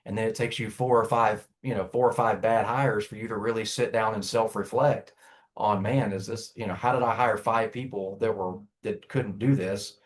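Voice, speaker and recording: A man's voice: lowish voice, steady tone, moderate pace. A man giving conversational business advice as a guest coach, casual and full of restarts and filler. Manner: casual, many restarts and "you know".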